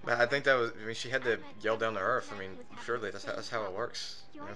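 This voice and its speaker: A man's voice: lowish voice, fast, pushed and bright. A man co-hosting a cartoon review, sarcastic and mocking, laughing often. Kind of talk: sarcastic commentary chat.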